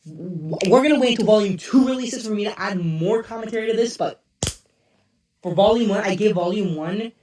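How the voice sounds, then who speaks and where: A hoarse-voiced man rambling excitedly through a casual review. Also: high-pitched, brisk. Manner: rambling and excitable, loses track of names. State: hoarse, strained voice. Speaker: show reviewer. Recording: roomy, distant mic.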